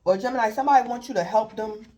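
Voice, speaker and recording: A woman's voice: fairly high pitch, very fast, warm tone, slight background noise. Rambling woman giving a tarot reading. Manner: rambling and repetitive, filler "like", chuckles; acts out imagined callers in brief quoted voices. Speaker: tarot reader. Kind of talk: casual tarot reading monologue.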